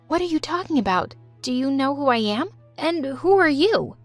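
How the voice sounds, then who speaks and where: A woman's voice: high voice, expressive, moderate pace, faint music behind. A woman narrating a first-person storytime in a dramatic, emotional way and voicing the other people in it.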